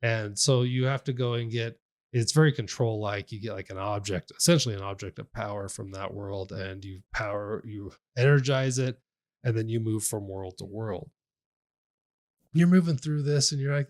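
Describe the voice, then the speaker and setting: A man co-hosting a games podcast, retelling what he played in a rambling, animated way with frequent laughs. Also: fairly low pitch, moderate pace. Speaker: podcast co-host. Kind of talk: casual game review chat.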